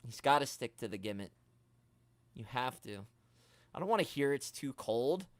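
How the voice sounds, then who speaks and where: A man hosting a casual toy-collecting livestream, chatting and ranting in a joking, animated way, quoting others in mock voices. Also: medium pitch, moderate pace, no room sound. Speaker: toy collecting channel host.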